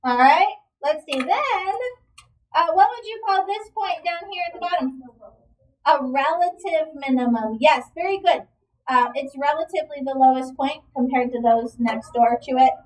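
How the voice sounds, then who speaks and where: A woman's voice: high-pitched, normal speed, recorded from a distance, low-quality recording. A woman teaching a math lesson, asking the class questions and encouraging the students' answers. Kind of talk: classroom lecture.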